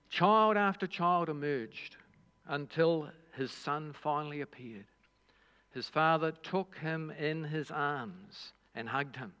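Slow, measured male pastor in a hall. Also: a little high, lively intonation, sharp tone. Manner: measured storytelling delivery with dramatic pauses. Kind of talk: sermon. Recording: dull hall reverb.

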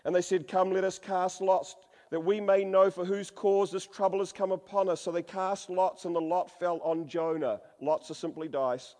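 A preacher with a high, darkish voice and a level tone speaks at normal speed, reading scripture in a dramatic, humorous way. He varies his voice for quotes, jokes with the congregation, and long hall reverb fills the recording.

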